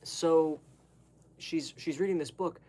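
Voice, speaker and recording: A man's voice: fairly high pitch, takes it slowly, dark tone. A young man talking casually to the camera, rambling through digressions with lots of fillers and asides. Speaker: vlogger.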